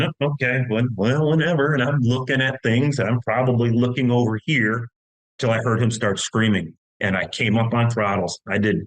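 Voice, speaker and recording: Long-winded storytelling man, low voice. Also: fairly bright tone, rough recording. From United States. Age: middle-aged. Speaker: podcast guest. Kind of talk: casual storytelling.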